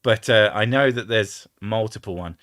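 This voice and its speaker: A man's voice: lowish voice, normal speed, a bit bright, dry recording, studio quality. A young English man from the home counties hosting a casual chat, swearing freely and trying out accents. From England, home counties. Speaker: host.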